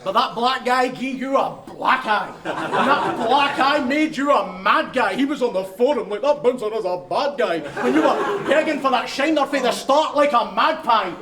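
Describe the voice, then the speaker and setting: A man's voice: very high-pitched, expressive, moderate pace. A Scottish man performing crude, taunting bars in a live rap battle, often laughing at his own lines, in a large venue. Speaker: battle rapper. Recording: echoey hall with loud crowd.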